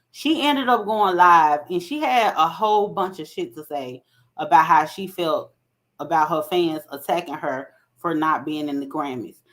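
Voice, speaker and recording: A woman's voice: lowish voice, sharp tone. A woman hosting a casual commentary vlog, talking conversationally and often checking in with "right?". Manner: conversational, keeps asking "right?". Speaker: commentary host.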